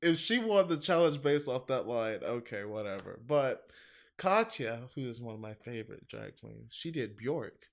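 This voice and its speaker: A man chatting casually on a podcast, rambling and profane, laughing loudly and mimicking others in high exaggerated tones. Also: lively intonation, moderate pace, creaky. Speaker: podcast co-host. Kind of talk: casual chat.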